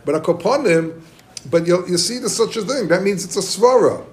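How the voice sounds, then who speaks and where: Male Talmud teacher, high voice, excited lecture full of restarts. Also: moderate pace. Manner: excited, many restarts, questions to listeners.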